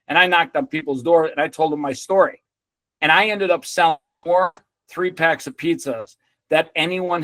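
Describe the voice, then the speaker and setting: A middle-aged man telling an animated story as a podcast guest, swearing freely and acting out other people's lines. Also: a little high, no echo, low-quality recording.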